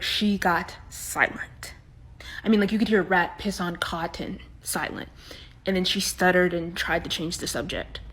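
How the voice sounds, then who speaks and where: A woman telling comic storytime anecdotes, jumping between loud punchlines and quiet asides. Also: medium pitch. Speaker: comedy video creator. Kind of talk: storytime monologue.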